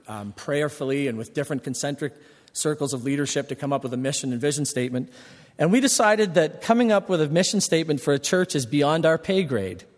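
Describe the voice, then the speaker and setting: Animated male pastor in echoing church. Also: medium pitch. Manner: animated, rising to emphatic peaks. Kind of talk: sermon. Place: church sanctuary. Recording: long reverb of a church hall.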